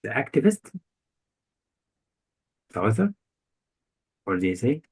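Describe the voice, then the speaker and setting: A man's voice: mid-range voice, big pitch swings, slow, darkish tone, slightly rough, low-quality recording. A male tutor giving a one-on-one grammar lesson, quizzing his student with short repeated questions. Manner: quizzing, repetitive questions, non-native phrasing. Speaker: English test tutor.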